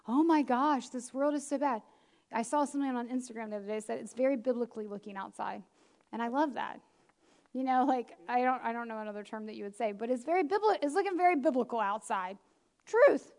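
A woman preacher giving a lively, chatty sermon with self-deprecating asides. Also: fairly high pitch, quick pace. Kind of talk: conversational sermon.

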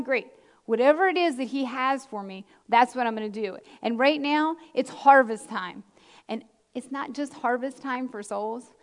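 A middle-aged woman pastor with a high voice preaches to her congregation. She is earnest and emphatic, repeats her key lines and slips in casual asides. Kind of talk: sermon.

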